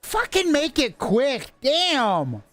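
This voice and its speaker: A game master voicing a gruff, foul-mouthed man who swears constantly and snaps at people. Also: high-pitched, huge pitch swings, slow pace, a bit bright, soft background music, voice pushed up, heavily acted. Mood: irritated. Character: gruff foul-mouthed adult male guard.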